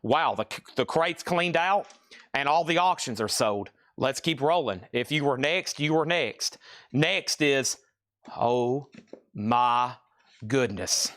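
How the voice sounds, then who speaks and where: A man runs a live-stream sale, moving briskly from item to item and reading out bids. His voice sits a little high for a man, and his patter stays chatty and playful. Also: expressive, fairly bright tone. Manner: quick, playful sales patter, hums riffs and reads out bids. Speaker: auctioneer host of a live record sale.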